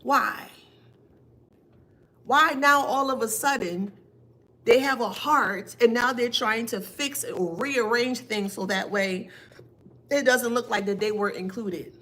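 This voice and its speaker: A woman's voice: a little high, slow, long pauses, sharp tone. A woman giving a spiritual reading, taunting and emphatic, asking pointed rhetorical questions. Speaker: tarot reader.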